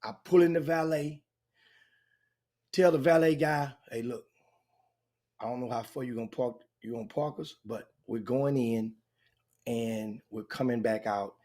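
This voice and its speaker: A man's voice: mid-range voice, unhurried, pauses often. An older man, hosting a casual chat and telling a long, rambling story with many restarts. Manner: animated, rambling anecdote with frequent restarts. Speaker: host.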